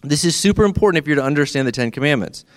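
A middle-aged man preaches a sermon in a relaxed, conversational way. His voice sits a little high for a man, and he keeps asking his listeners questions as he talks them through the story. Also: racing. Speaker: pastor.

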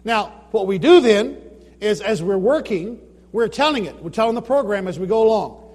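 Man, high voice, informal presenter, rhetorical questions, echoing hall. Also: animated, moderate pace, darkish tone. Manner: explanatory, asks rhetorical questions, retells his own anecdotes. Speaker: Bible translation worker giving a presentation.

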